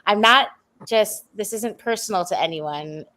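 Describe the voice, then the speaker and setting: A woman's voice: medium pitch, a little slow, pushed and bright. Chatty woman trading trivia. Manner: chatty, offers trivia in long run-on sentences. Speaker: panel guest. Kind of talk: casual chat.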